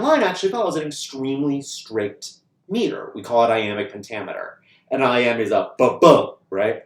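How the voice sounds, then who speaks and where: A man's voice: medium pitch, moderate pace. A man giving a recorded university lecture to camera, chatty and informal, often checking in with "right?" and now and then swearing. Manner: casual and lively, frequent "right?" check-ins, mild swearing. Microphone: camera mic. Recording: echoey room.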